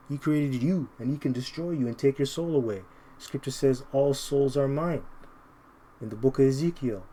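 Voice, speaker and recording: Combative man preaching, mellow tone. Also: mid-range voice. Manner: combative, repeats "man" constantly; reads verses slowly and deliberately. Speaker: Bible teacher. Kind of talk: informal scripture commentary.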